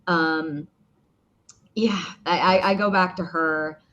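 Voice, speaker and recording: A woman voice actor chats in an interview, her voice a little low and rough from the morning. She rambles with fillers and restarts. The recording sounds dull and lo-fi. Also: fairly even intonation, slow, a bit bright. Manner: chatty, many fillers and restarts. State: morning voice, clearing throat. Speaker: voice actor guest. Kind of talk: casual interview chat.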